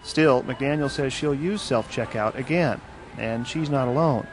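Male radio news reporter. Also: mid-range voice. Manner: measured, even delivery. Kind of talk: scripted news narration.

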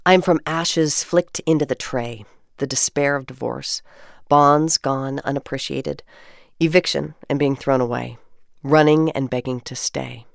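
A woman co-hosting a radio show, chatting and reading community poetry aloud in an expressive, upbeat way. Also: rumbling low, a little slow, vocal fry, dry recording, clean studio sound. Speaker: radio co-host.

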